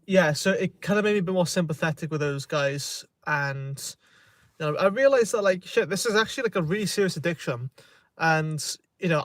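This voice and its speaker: Welsh guy going live on his phone, kinda higher voice, rambly and sweary, super dry sound. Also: a bit bright, no echo. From Wales. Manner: rambling, hesitant, swears freely. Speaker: self-help vlogger. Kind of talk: casual livestream chat. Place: outdoors in a remote spot. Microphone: phone held in hand.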